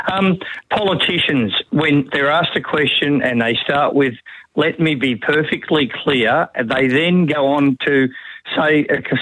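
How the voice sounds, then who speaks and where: An Australian man calling a radio show, wry and deliberate. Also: fairly high pitch, a bit bright, slightly rough, no room sound, low-quality recording. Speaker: caller. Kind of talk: radio phone-in.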